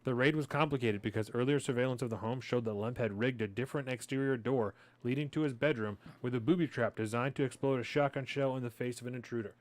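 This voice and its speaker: Fast-talking sardonic male podcast co-host. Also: mid-range voice. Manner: sardonic, reads articles aloud. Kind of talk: casual podcast chat and reading news aloud.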